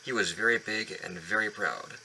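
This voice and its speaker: A man's voice: fairly low pitch, moderate pace, sharp tone, a little hiss or hum, poor audio. A man reading a children's storybook aloud at home, often stumbling and restarting lines. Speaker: reader of a children's book. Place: home basement.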